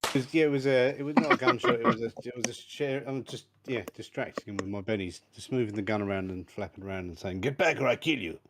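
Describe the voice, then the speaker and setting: A man's voice: fairly low pitch, quick pace, slight background noise. A man playing in a tabletop game, chatting casually and trailing off as he thinks aloud. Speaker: player.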